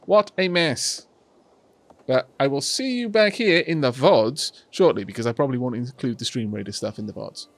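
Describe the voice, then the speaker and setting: A man's voice: mid-range voice, animated, a little fast, hardly any pauses, no room sound. A Welsh man chatting casually to his live-stream audience while playing a strategy game, rambling along with many restarts.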